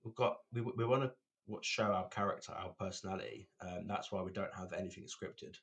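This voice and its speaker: A man's voice: sits low, steady tone, a little fast, fairly bright tone. A man co-hosting a podcast in casual chat, rambling and repeating words. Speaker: podcast co-host.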